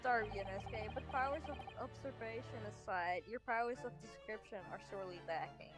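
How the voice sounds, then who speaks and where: A woman reading game dialogue in an even, steady way. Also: on the high side, brisk, over music.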